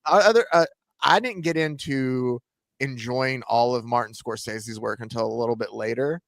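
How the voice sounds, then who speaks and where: A man's voice: mid-range voice, normal speed, gravelly, a bit bright, no room sound. A man co-hosting a sports talk show, chatting in an easygoing, conversational way. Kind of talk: casual chat.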